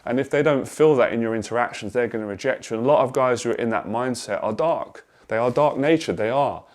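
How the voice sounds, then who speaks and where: A man's voice: medium pitch, fast. A man coaching on dating and confidence, talking straight to the camera in an earnest, emphatic way and repeating phrases for stress. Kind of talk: direct-to-camera advice monologue.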